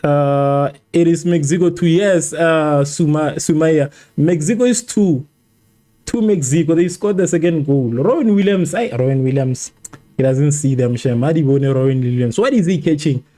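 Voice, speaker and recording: A man's voice: on the high side, normal speed, dark tone. A man hosting a live football watchalong, reacting to the match and arguing with viewers in the chat while repeating himself. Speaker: livestream host.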